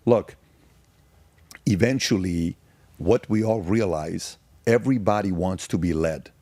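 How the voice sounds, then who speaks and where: Middle-aged man, low voice, dry close sound, animated storyteller who acts out quotes. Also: unhurried, dry recording. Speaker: guest. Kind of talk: casual conversation.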